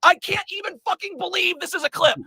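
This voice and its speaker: Exasperated male hoops analyst, very high and bright, yelling film breakdown. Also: quick pace. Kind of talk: heated film breakdown commentary.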